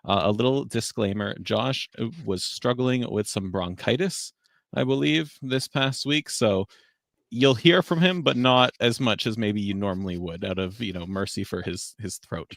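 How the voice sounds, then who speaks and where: A man's voice: lowish voice, moderate pace, vocal fry, no room sound, clean studio sound. A man hosting a casual live-stream chat, talking readily and laughing often. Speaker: host.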